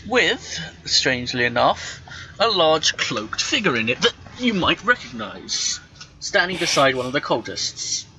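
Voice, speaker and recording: A man running a tabletop game as game master over a voice call, talking in halting bursts full of restarts. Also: a little high, sharp tone. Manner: halting, with many restarts and stammers. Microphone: computer microphone on a voice call. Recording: dull voice-chat audio with faint noise.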